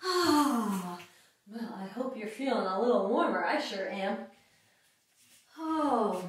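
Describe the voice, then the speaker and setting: Leading kids through yoga, this thirty-something teacher sings, makes animal sounds, and keeps things lively and fun. Her voice is a little high and unhurried, with slight background noise. The room is very echoey and she is positioned well away from the microphone.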